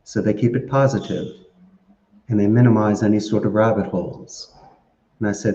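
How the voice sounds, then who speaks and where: A man giving animated, story-filled interview answers and laughing often. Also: on the low side, moderate pace, pauses often. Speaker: podcast guest. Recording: echoey, dull lo-fi sound.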